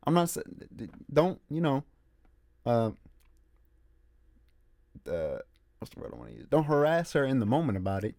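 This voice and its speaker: A man hosting a casual solo movie talk, emphatic and animated, repeating his points. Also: mid-range voice, moderate pace, pauses often, no echo, studio quality. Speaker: movie review host. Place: room with a squeaky chair.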